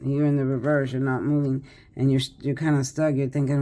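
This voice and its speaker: A woman's voice: extremely low pitch, level tone, fairly quick, warm tone. A tired older woman doing a casual tarot reading, chatty and rambling with many fillers and restarts. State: tired, yawning. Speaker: tarot reader.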